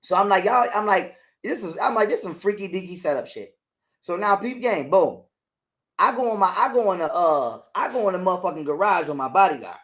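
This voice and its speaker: A man with a high voice talks briskly as an interview guest. His casual, profane story is an animated retelling in which he acts out the lines of other people.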